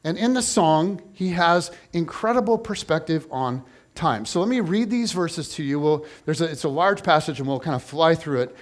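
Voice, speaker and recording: A man preaching a sermon in a relaxed, conversational way. His voice sits fairly high, and he keeps breaking into quick asides and restarting his sentences, so it sounds animated rather than formal. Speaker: pastor.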